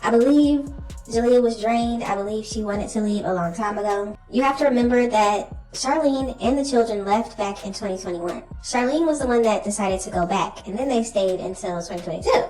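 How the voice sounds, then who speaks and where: A woman's voice: a little high, normal speed, a little mellow, roomy sound, far from the mic, soft background music, rough recording. A woman hosting a reaction video, giving her opinions directly to viewers. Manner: opinionated, talks straight to viewers. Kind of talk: commentary on a drama clip.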